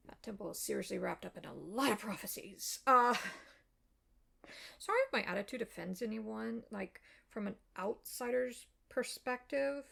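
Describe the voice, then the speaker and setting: A woman's voice: fairly high pitch, vocal fry, fairly bright tone. A woman explaining history in a casual, rambling way, with many ums, uhs and apologetic asides. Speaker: video essayist.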